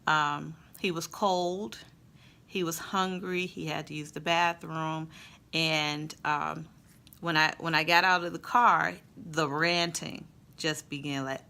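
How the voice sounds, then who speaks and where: A woman and mother telling a family story in a casual, expressive way, then drawing a faith lesson from it. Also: on the low side, a little slow, vocal fry. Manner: conversational, expressive, with fillers. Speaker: mother and Christian vlogger.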